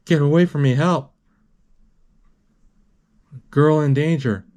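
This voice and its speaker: A man's voice: a little high, a little mellow. Haughty posh young girl, bossy and blunt, read by a man in his own voice. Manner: plainly read, halting.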